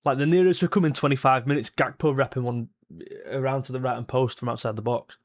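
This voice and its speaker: A young man, reacting live to a football match, blunt and frustrated, jumping to excited shouts at chances. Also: medium pitch, fast talker. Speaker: football fan streamer. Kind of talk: live match watchalong commentary.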